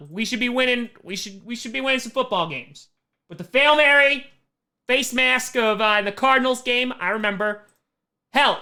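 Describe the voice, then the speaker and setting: A man, a comedian, reads fan questions aloud on a casual livestream and answers them with quick, self-mocking jokes and laughs. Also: extremely high pitch, pushed and bright. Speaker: comedian hosting a fan Q&A stream.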